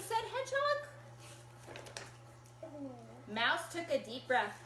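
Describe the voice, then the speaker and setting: A woman reading a picture book aloud to children in an animated, encouraging way and asking them to join in. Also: high voice, takes it slowly, pauses often. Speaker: storytime reader. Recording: echoey room.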